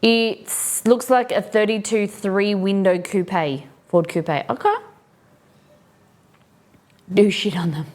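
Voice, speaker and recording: This woman's mid-range voice moves slowly, with frequent pauses, as she looks over a collection on a live stream. It's a casual unboxing chat with her viewers, and she's curious, firing off many questions and excited exclamations.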